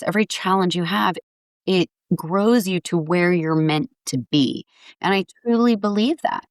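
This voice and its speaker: An earnest woman in her forties speaks as a podcast guest, upbeat and warm in her phrasing. Her voice sits fairly low, and the recording is dry with no room sound. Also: no room sound. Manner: upbeat, earnest, acts out quotes brightly. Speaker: guest, foundation founder. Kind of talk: podcast interview.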